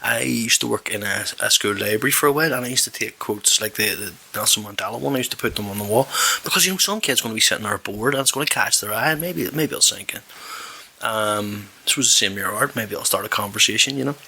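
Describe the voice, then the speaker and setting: A man talking alone on his podcast in a husky, gravelly voice that sits low yet has a sharp, bright edge. He swears freely and rambles from one aside to the next, blunt and offhand, with a drink on the go. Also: lively intonation, fast, rough recording. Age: adult with a daughter. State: drinking alcohol while talking. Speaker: podcast host. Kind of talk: rambling solo podcast chat.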